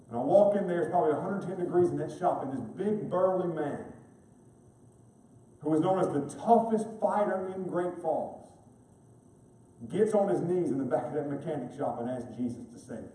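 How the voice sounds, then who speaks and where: A male pastor preaches with fervor, building his story to loud, emphatic peaks. His voice is a little high but mellow in tone. He is picked up from a distance and rings through a large, echoing chapel. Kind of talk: sermon. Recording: echoey chapel, voice from far off.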